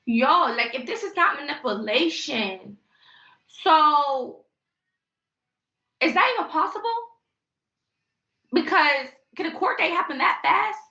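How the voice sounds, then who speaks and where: Woman going off on a live stream, high voice with lots of fry, roomy muffled sound, cussing and rambling. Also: lively intonation, takes it slowly, pauses often, sharp tone. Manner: heated, rambling and profane, addressing viewers as y'all. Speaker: livestreamer. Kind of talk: emotional live-stream venting.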